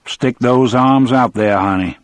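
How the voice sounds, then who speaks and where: A man's voice: mid-range voice, a little slow, dry recording, close to an everyday voice. A man voicing a ruthless male prison guard who taunts and gives cold orders. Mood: taunting. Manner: taunting, coldly commanding.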